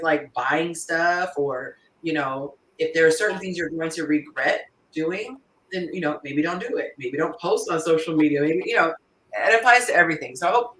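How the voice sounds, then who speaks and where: Woman host, casual panel chat, forceful bright tone, echoey room. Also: sits low, far from the mic, a little hiss or hum. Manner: animated, laughs often, reads listener answers aloud.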